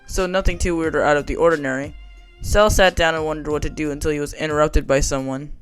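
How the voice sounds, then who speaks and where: A man's voice: fairly high pitch, fairly even intonation, fast talker, a bit bright, soft background music. Man casually narrating an audiobook.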